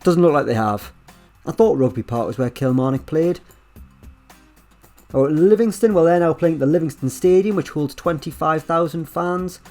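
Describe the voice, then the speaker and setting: A man giving casual, chatty commentary over a management game, with wry asides and lively swings in delivery. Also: a little high, moderate pace, faint music behind. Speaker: gaming YouTuber.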